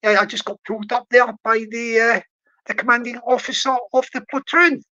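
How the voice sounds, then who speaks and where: A livestream host in mock-military banter who barks drill orders, then answers in slow, mock-obedient replies. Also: medium pitch, steady tone, pushed and bright, highs cut off.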